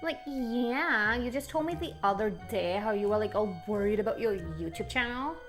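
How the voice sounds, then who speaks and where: A woman playing a nagging automatic thought who prods with soft, insinuating questions in a coaching skit. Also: fairly high pitch, lively intonation, normal speed, loud music behind the voice, close to an everyday voice. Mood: needling.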